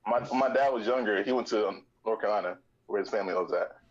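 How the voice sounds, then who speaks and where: A man's voice: fairly low pitch, quick pace, highs cut off. A man telling a funny family story in a casual group voice chat.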